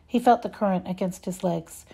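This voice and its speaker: A woman reading a children's story aloud, expressive and measured. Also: fairly low pitch, vocal fry, husky. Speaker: reader.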